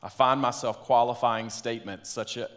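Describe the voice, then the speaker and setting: A man preaching a sermon as pastor, telling a story and dropping into quiet, earnest tones. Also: mid-range voice, steady tone, moderate pace.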